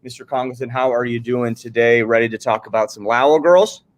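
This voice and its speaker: Man, north dakota accent, teacher co-host, upbeat and jokey, casual classroom chat, mid pitch. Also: a little fast. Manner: upbeat, jokey, energetic greetings. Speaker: teacher co-hosting a class vodcast.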